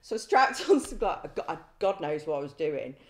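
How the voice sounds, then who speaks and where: A woman's voice: sits low, very animated, moderate pace. A middle-aged woman, a former prison governor telling anecdotes in conversation, blunt, swearing freely and laughing through her stories. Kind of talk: storytelling in conversation. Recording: roomy echo.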